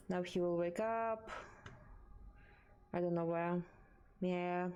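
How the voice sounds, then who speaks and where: A woman comments on a horror game at a leisurely pace, chatting to the characters and her audience. Her tone is bemused and conversational. A steady wash of game ambience sits clearly behind her voice. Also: on the low side, takes it slowly, pauses often, slight background noise. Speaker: gaming streamer.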